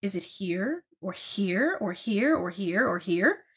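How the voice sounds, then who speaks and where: Brief: a gaunt German sergeant major, man, slow and taunting, breathy edge, read by a woman. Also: medium pitch, expressive, a bit bright, exaggerated voice.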